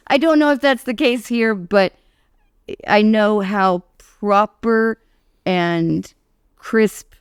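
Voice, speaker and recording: A woman's voice: medium pitch, clear, resonant tone, dry recording, studio quality. A woman guesting on a podcast, chatting casually about an old horror film and laughing as she talks. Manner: chatty, laughs while talking.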